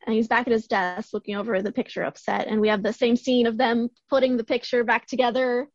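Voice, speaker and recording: Hoarse young woman retelling a film. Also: on the high side, little pitch movement, fast talker, dry recording, dull audio. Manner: rambling, enthusiastic retelling. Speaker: podcast co-host. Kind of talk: casual chat.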